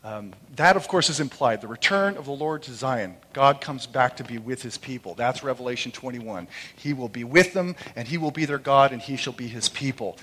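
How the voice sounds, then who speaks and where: A middle-aged man preaching a sermon in church, impassioned, moving between loud proclamation and soft, quiet storytelling. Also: medium pitch, moderate pace, hardly any pauses. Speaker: pastor. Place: church sanctuary during a service. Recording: long hall reverb.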